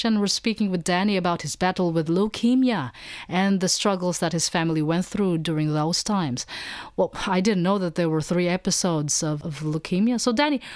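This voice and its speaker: A woman hosting a radio interview, with measured announcer delivery. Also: lowish voice, a little mellow, dry recording, clean studio sound. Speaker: radio host.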